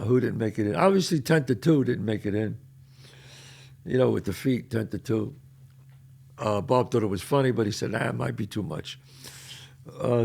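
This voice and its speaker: An older man with a New York accent, telling neighborhood stories as a podcast host in a casual, animated way. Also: medium pitch, vocal fry. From the Bronx, New York. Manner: animated, loud when quoting, trails off quietly. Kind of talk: casual storytelling.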